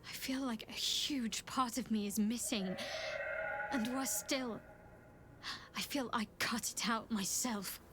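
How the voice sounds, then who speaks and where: A shaken, brooding young cleric. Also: female voice, a little high, background noise. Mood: somber. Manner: measured, restrained, somber delivery. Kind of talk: video game dialogue.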